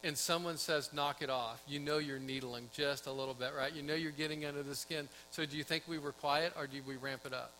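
Middle-aged male pastor, high and bright, chatty sermon delivery with questions to the room; faint hum. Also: fairly even intonation, fairly quick, few pauses, rough recording. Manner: conversational storytelling, asks the congregation questions.

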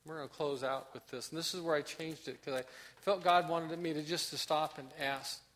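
High, bright-voiced preaching man. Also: steady tone, normal speed. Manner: impassioned preaching, acts out prayers, drops to soft emphasis. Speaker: pastor. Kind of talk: sermon.

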